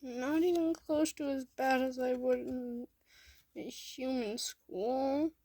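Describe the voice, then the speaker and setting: A woman voicing a small, frightened child who speaks haltingly and tearfully, in a fan story reading. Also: sits high, steady tone, warm tone, no room sound, voice pushed up, full character voice. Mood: pleading.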